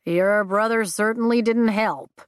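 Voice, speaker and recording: A woman's voice: medium pitch, measured pace, clear, resonant tone, no echo, voice pushed up, lightly acted. A woman voicing an older bearded male rider in a storybook reading, dry and matter-of-fact.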